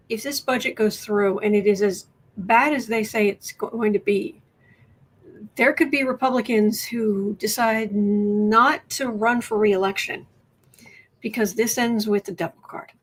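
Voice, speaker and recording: A woman hosting a tarot and politics livestream, talking casually with viewers, halting and restarting often as she thinks aloud. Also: mid-range voice, fairly even intonation, slightly rough. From United States.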